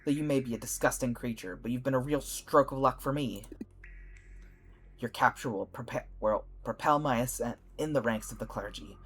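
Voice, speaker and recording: A smug, ambitious cleric sneers down at his prisoner in a fantasy game, voiced by a man. He talks in a haughty, gloating way, a little low and subdued. Faint game music sits behind him. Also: moderate pace, fairly bright tone, natural voice.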